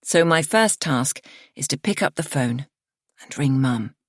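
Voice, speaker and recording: A woman narrating a first-person thriller audiobook in a measured, expressive storytelling manner. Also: a bass voice, no room sound, studio quality.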